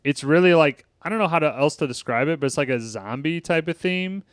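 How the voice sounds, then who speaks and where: A man's voice: fairly high pitch, a little fast, smooth, dry recording, studio quality. A man co-hosting a casual movie review podcast, quoting lines in mock British voices and swearing casually. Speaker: podcast co-host.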